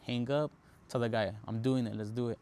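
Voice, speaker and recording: A man's voice: mid-range voice, steady tone, fairly quick, darkish tone. A young man hosting a podcast, telling his story casually with lots of fillers and Spanish slang. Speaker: podcast host.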